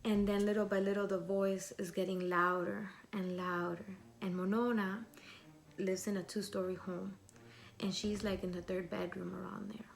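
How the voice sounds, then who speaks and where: A middle-aged woman telling a scary story in a chatty, lively way, stopping to ask rhetorical questions. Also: medium pitch, normal speed, creaky.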